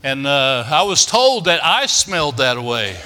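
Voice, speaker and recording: A man's voice: mid-range voice, sing-song, unhurried, bright, forceful tone. An older man, preaching a storytelling sermon in a folksy, homespun way, with many "uh" fillers. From Kentucky, United States. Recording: long reverb of a large hall.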